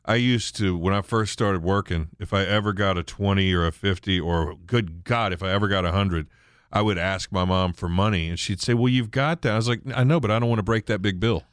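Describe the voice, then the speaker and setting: A man's voice: sits low, fairly quick, no echo, clean studio sound. A middle-aged man hosting a radio show, chatting casually and reminiscing. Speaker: radio host.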